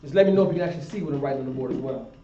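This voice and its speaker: A man's voice: medium pitch, rapid-fire, dark tone. A man teaching a class, repeating himself and often asking if the students understand. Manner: repetitive, checks in with "you understand?". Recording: echoey room, far from the mic, dull lo-fi.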